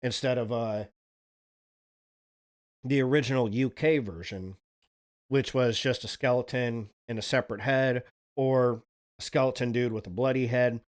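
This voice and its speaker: A man hosting a livestream, telling spooky folk legends in a relaxed, chatty way and swearing casually. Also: mid-range voice. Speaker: streamer, host.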